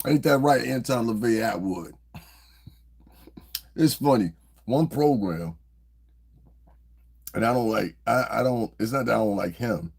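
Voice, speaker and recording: A man's voice: mid-range voice, expressive, a little slow, vocal fry, pauses often, darkish tone, husky. A man hosting a podcast, talking loosely and profanely as a laughing storyteller. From New Jersey. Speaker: podcast host. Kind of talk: casual commentary monologue.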